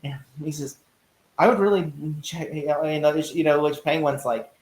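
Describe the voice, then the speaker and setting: A man chatting casually on a podcast about a TV show, acting out lines from the scenes in animated bursts. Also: on the high side, measured pace, roomy sound. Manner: animated, acts out quotes from scenes. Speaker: podcast co-host. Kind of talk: casual chat.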